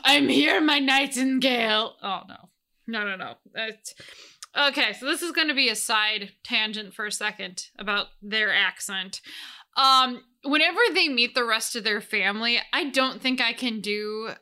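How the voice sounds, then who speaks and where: A woman's voice: a little high, moderate pace, bright, forceful tone, smooth. A woman game master chatting through a casual solo recap, rambling with many restarts and frequent laughs.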